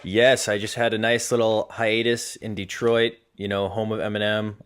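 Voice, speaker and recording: A man's voice: lowish voice, level tone, moderate pace, clean tone. Laid-back joking male podcast co-host. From Massachusetts. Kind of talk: casual chat.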